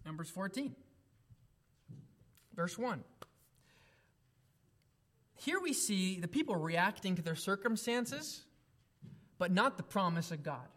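Young man, preacher, high-pitched voice, emphatic delivery, swings between loud and quiet. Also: big pitch swings, slow pace, long pauses. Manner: emphatic, shifts between raised exclamations and quiet reflective asides. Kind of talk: sermon.

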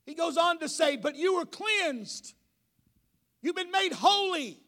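Pastor, male, high-pitched, sermon delivery that climbs to shouting. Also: expressive, measured pace. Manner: preaching, rising to shouts. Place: church.

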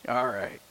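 A pastor preaching a sermon. He reads scripture with strong emphasis and then drops into relaxed, joking asides. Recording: long hall reverb.

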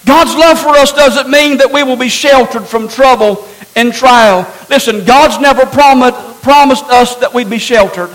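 A man's voice: very high-pitched, moderate pace, a bit bright, rough recording. A man preaching a sermon to his congregation, teaching in an emphatic way and asking rhetorical questions. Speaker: pastor.

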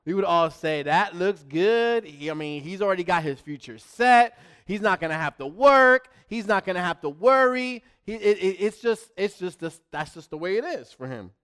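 A middle-aged man preaching a sermon with a smooth, clear, slightly high voice. He presses his points with repetition, rising loud and then dropping to a hush. The delivery is emphatic and direct. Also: expressive, moderate pace, few pauses. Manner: emphatic, repeats words, swings from loud to hushed. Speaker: pastor.

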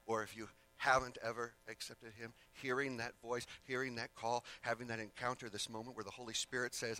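A man's voice: mid-range voice, fairly even intonation, a little fast, few pauses, pushed and bright. A male preacher giving a sermon in a casual way, with rambling asides and self-corrections.

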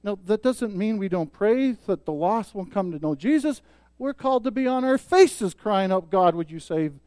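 A man preaching a sermon as pastor, emphatic, swelling loud on key points and dropping soft. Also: sits high, lively intonation, moderate pace, smooth, no room sound.

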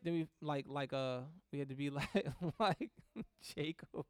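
A woman teaching a Christian class on grief in a lively, conversational way, often laughing and checking in with the class. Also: low voice, unhurried, smooth, no echo, studio quality. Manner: animated, laughs often, acts out prayers in quotes; checks in with "right?" and "okay?".

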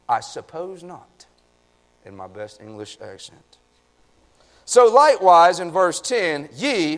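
Male pastor, high and unhurried, folksy pulpit sermon in a church. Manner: folksy, talks to the congregation with "y'all". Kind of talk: sermon with scripture reading and prayer. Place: church sanctuary.

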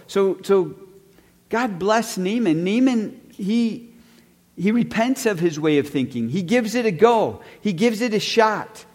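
Male pastor, high voice, casual storyteller, reverberant hall. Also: expressive, unhurried, a little mellow. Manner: conversational storytelling, acts out characters. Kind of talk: sermon.

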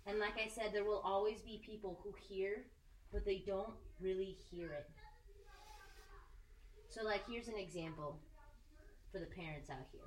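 A woman giving a casual, animated sermon, joking and acting out the people she quotes. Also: medium pitch, normal speed, pauses often, slight background noise. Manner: animated, jokey, acts out quoted voices. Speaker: preacher. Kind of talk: conversational sermon. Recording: echoey room, mic at a distance.

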